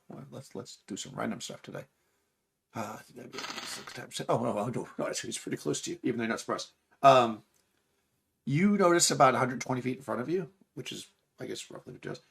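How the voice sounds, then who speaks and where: A man's voice: medium pitch, animated, fast, creaky, fairly bright tone, slightly rough. A man narrating as game master for a tabletop game, rambling with fillers and restarts.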